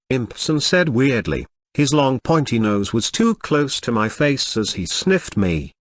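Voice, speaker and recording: Man narrating with a lively, varied voice. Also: medium pitch, a little slow, hardly any pauses, a little hiss or hum. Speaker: audiobook reader. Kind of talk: first-person novel narration.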